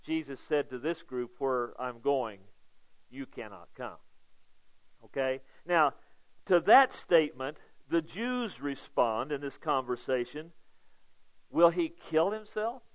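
A man preaching a sermon to his congregation, talking it through like a conversation, checking in with "okay?" and swelling louder on key points. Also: fairly high pitch, poor audio. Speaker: pastor.

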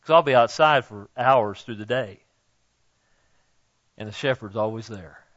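A man's voice: mid-range voice, a little slow, a bit bright, muffled recording. An older man preaching a sermon in a folksy, conversational way, speaking directly to the congregation. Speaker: pastor.

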